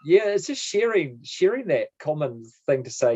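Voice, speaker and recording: A man's voice: on the high side, sing-song, moderate pace, a little mellow, highs cut off. A man co-hosting a podcast, chatting in a reflective way, swearing casually and trailing off mid-thought. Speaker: podcast co-host.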